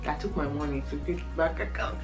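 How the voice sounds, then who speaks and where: A Nigerian woman vlogger telling a story in a lively way while eating for a mukbang, often breaking into laughter. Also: deep voice, a little fast, faint music behind, low-quality recording.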